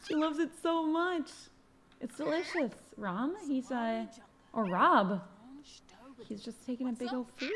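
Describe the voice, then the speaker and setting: A woman's voice: high-pitched, animated, measured pace, fairly bright tone. A woman hosting a casual gaming video, talking to herself as she plays, often exclaiming and laughing. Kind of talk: casual let's-play commentary. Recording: background noise.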